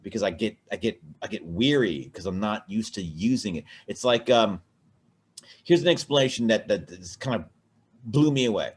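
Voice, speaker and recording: Man, lower voice, casual podcast co-host, rambling and profane. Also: animated, moderate pace, slightly rough. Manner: rambling, profane, many restarts. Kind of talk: casual drunken chat.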